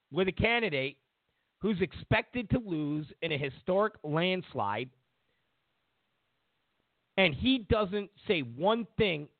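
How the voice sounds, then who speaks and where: Sarcastic and creaky-voiced, this male host pitches high as he delivers an opinionated political rant, imitating others in exaggerated voices and hammering points through repetition. His commentary show audio is dry and narrow, like a phone line.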